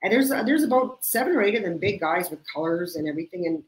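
A woman's voice: fairly low pitch, animated, fast talker, roomy sound, a little hiss or hum, low-quality recording. A woman from Canada hosting a casual chat, telling stories and laughing often. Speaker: host.

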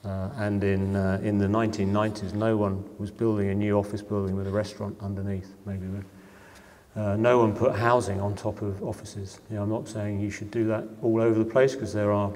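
A middle-aged man with a somewhat low voice speaks to an audience in a lecture hall, his words trailing into a long reverb. He talks informally and conversationally as a developer explaining his work, leaning on "you know" and small hesitations. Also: flat delivery, a little fast, a little mellow. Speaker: property developer giving a public lecture.

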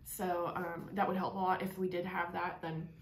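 A woman's voice: fairly low pitch, level tone, moderate pace. A woman in her thirties chatting casually as co-host during a spicy food challenge. She rambles with many fillers and talks through a burning, drooling mouth. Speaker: channel co-host. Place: home room. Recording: echoey room, faint hiss.

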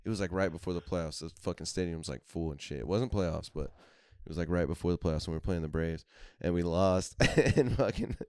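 A young man tells loud, profane stories between bursts of laughter. His voice sits low and comes through clean and smooth. The recording is close and dry. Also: a little fast, hardly any pauses, no echo. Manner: profane, animated storytelling, laughs often. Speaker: podcast host. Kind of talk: casual chat.

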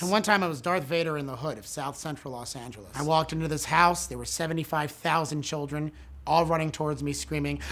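A man doing stand-up comedy with a deadpan, self-mocking delivery. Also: fairly high pitch, fairly quick. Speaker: comedic actor.

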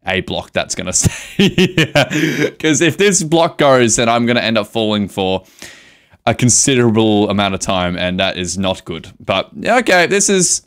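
Young man streaming games, lively voice. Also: lowish voice, moderate pace. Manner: melodramatic mock grief, swears, laughs a lot; reads chat aloud and answers it. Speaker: live streamer. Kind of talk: live gameplay stream chat.

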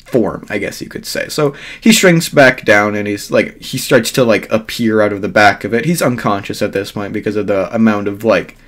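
A man's voice: fairly low pitch, normal speed, hardly any pauses, a bit bright. A man telling a fan-made what-if story in a rambling, filler-heavy way, swearing freely.

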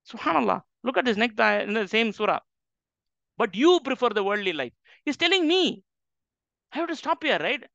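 A man's voice: very high voice, creaky, sharp tone, dry recording. A man teaching on the Quran, emphatic and full of rhetorical questions to his audience. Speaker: Islamic teacher. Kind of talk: lecture on the Quran. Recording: dull lo-fi dry recording.

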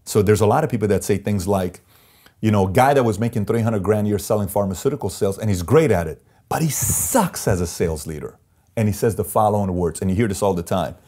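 On the low side and warm, this CEO's voice moves at a quick pace as he recounts his business experiences to an interviewer. His delivery is intense and emphatic, complete with impressions of the people he quotes.

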